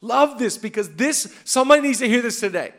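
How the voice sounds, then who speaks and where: Male pastor, 30s, high voice, fervent sermon delivery, rallying repetition. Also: expressive, brisk, a bit bright. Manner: fervent, repeats rallying lines.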